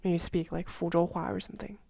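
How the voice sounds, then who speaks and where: A woman's voice: lowish voice, steady tone, brisk, vocal fry, warm tone, slightly rough, dry recording. A woman giving a casual spoken lesson, chatty with many fillers, repeating example phrases over and over. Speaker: language teacher. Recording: dull, dry home recording.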